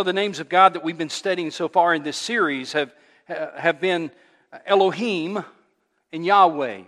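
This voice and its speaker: A man preaching as a pastor, telling a funny story with animated delivery before his sermon. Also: on the high side. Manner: animated storyteller who laughs at his own tale. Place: church sanctuary. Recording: long church reverb.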